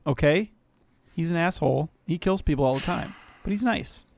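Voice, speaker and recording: A man chatting on a podcast, animated and quick to laugh, with plenty of swearing. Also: a little high, gravelly, noisy background. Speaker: podcast co-host. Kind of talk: casual podcast chat.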